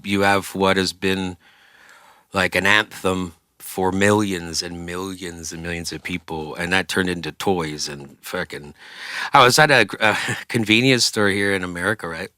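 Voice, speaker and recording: Man, singer guest, casual storytelling, lowish voice, bright forceful tone, dry close sound. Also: measured pace, clear, resonant tone, no echo. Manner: animated, acts out quoted voices, swears freely.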